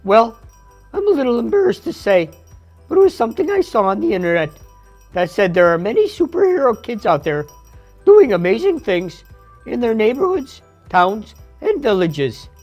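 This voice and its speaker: A woman's voice: on the high side, sing-song, normal speed, a little mellow, muffled recording, faint music behind. A woman voicing a shy, good-hearted young pup in a kids' puppet show, talking in a bashful way. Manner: bashful, sing-song.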